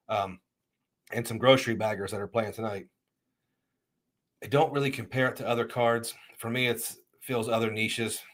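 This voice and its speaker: A middle-aged man in an easygoing livestream chat with a voice of ordinary pitch. He rambles through viewer comments and often restarts his sentences. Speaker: livestream host.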